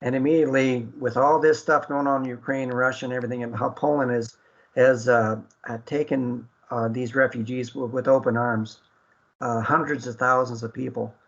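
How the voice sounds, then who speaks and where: Earnest halting man on internet radio. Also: mid-range voice, steady tone, a bit bright, lo-fi sound. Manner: earnest, halting, many fillers and restarts. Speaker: talk show host. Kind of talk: heartfelt radio talk.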